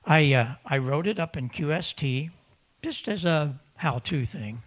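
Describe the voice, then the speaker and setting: Speaking with a fairly high, animated voice that is unhurried and fairly bright, a man presents at a ham radio symposium. He addresses ham operators in a conference room, stressing points by repeating words and acting out how other hams sound.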